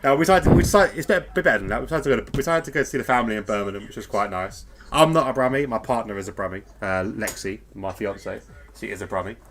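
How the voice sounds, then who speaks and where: A man's voice: lowish voice, animated, racing, noisy background. A man from the UK hosting a casual live podcast, chatty and rambling, with fillers and frequent laughs. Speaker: podcast host.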